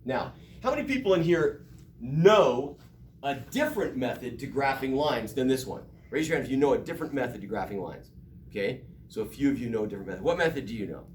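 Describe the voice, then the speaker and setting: A man's voice: mid-range voice, expressive, quick pace, roomy sound, a little hiss or hum. A middle-aged man teaching a math class, emphatic and joking, recorded from far off in a classroom. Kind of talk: classroom lecture.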